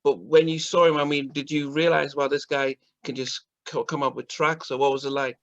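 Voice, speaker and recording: A man's voice: fairly high pitch, little pitch movement, brisk, a bit bright, dull audio. A man interviewing a guest, asking curious, rambling questions full of restarts.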